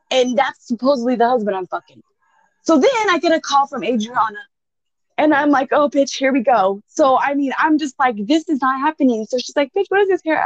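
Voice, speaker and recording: A woman's voice: high-pitched, no echo. Profane, laughing woman telling a wild story. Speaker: podcast co-host. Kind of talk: casual storytelling chat. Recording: dull, dry lo-fi sound.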